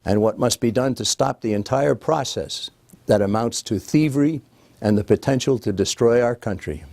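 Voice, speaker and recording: A man's voice: mid-range voice, a little mellow, no echo. Earnest man narrating, dry and close. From United States. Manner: earnest, emphatic, lecturing. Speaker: political speaker and narrator. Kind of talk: scripted documentary narration.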